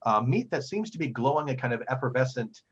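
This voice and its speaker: A man's voice: medium pitch, animated, quick pace, slightly rough, muffled recording. A man narrating a tabletop game as game master, storytelling with frequent ums and restarts.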